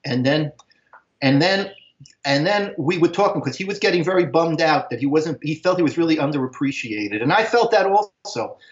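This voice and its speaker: Older New man, echoey lo-fi call. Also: moderate pace. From Brooklyn, New York. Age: 60s. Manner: animated, acts out voices in a high excited tone. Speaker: guest telling stories. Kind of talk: casual storytelling. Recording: echoey, dull video call audio.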